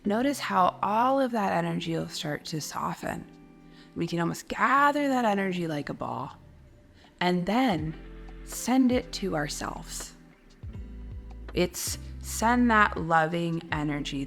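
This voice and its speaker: A woman spiritual coach giving a gentle guided teaching talk, speaking softly and slowly with soothing, repeated phrases. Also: on the low side, gravelly.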